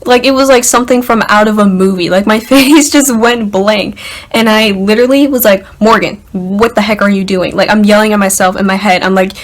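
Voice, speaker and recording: A young woman vlogger telling a story to the camera in an excited, chatty way, packed with "like" and "literally". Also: medium pitch, fairly quick. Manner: excited, filler-heavy, lots of "like" and "literally".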